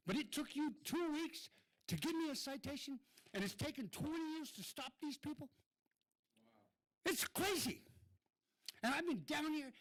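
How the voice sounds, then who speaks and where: A man's voice: very high-pitched, fairly bright tone, poor audio. An irate man giving a blunt, swearing public comment at a city council meeting.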